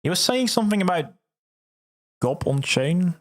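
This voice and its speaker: Young guy hosting a livestream, excitable, laughs a lot, keeps repeating words. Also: on the high side, normal speed. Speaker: livestream host. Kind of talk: casual livestream chat reading viewer comments.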